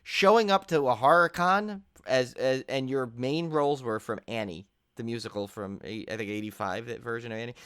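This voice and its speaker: A middle-aged man co-hosting a podcast in casual chat, rambling and animated, full of fillers and restarts. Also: medium pitch, normal speed, hardly any pauses, smooth, no echo, studio quality. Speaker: podcast co-host.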